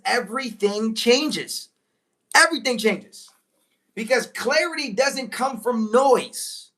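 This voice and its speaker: Woman, motivational live talk, fairly high voice, lively swooping pitch, repeats key phrases, excited exclamations. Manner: preachy, emphatic, repeats key lines, bursts into excited exclamations; slows right down on key phrases. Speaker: motivational speaker.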